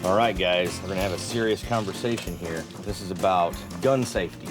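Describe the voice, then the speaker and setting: A man's voice: sits low, a little fast. A man hosting an outdoor fishing and camping show, talking in an easygoing, folksy way outdoors by a river. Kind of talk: casual outdoor narration. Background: music.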